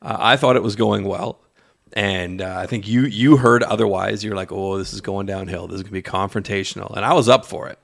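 A man co-hosting a casual office podcast, telling a lively story and acting out the lines of the people in it. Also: lowish voice, fairly quick, creaky. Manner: lively storyteller, acts out quotes. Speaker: podcast co-host. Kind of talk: casual chat. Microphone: studio mic in an office.

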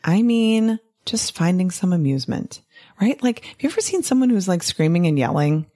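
A woman giving an animated, casual monologue to fellow doctors, often tagging her points with "right?" and laughing. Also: fairly low pitch, moderate pace. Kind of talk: casual podcast-style monologue.

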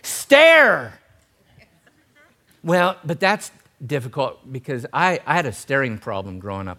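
A middle-aged male pastor preaching a sermon in an animated, humorous way, swinging between loud emphasis and soft tender passages. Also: mid-range voice.

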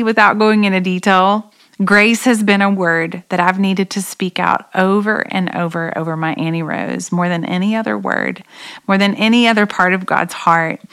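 Earnest woman in her forties, smooth voice. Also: fairly low pitch, a bit bright. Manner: earnest, reflective. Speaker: podcast host. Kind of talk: devotional talk.

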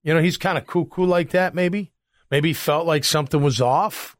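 A middle-aged man hosting a sports talk show, ranting in an animated, exasperated way. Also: fairly high pitch, normal speed. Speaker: sports radio host.

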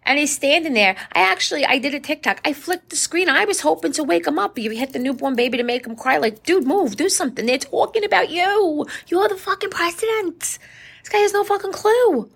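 A woman's voice: high-pitched, expressive, brisk, vocal fry, fairly bright tone. A middle-aged woman hosting her podcast, ranting casually with profanity and sarcasm. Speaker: podcast host.

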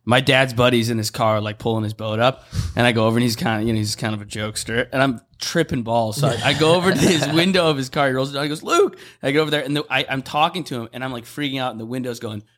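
A man's voice: mid-range voice, racing, a bit bright. A man hosting a podcast, telling stories in a laid-back way and laughing often. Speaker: podcast host. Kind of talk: casual chat.

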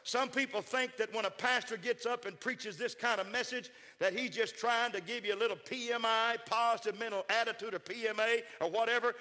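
High, bright-voiced man preaching in a hall. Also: fairly even intonation, a little fast, hardly any pauses, a little hiss or hum. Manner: builds to shouted call-and-response preaching. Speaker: pastor. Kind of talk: sermon.

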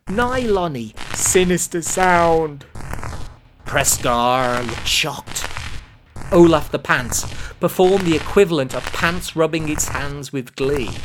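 A woman giving scripted narration of a comic children's story, expressive with deadpan asides. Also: low-pitched, noisy background. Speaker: audiobook narrator.

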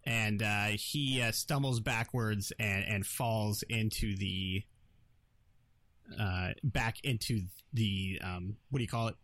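A man running a tabletop game as game master, narrating with many pauses and fillers. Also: on the low side, fairly bright tone, dry recording.

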